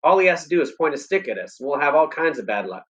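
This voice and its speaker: A man's voice: on the high side, big pitch swings, quick pace, fairly bright tone, pitched above the performer's own voice. Earnest country boy talking to his hound, read by a man, coaxing, dull lo-fi sound.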